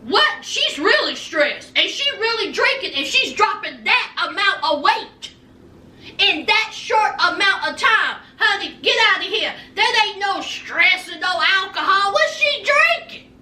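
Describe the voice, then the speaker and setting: Sassy high-voiced woman recapping TV. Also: a little slow, far from the mic. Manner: sassy, gossipy, animated. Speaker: recap vlogger. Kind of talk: reality TV recap commentary. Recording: echoey room, off-mic, faint noise.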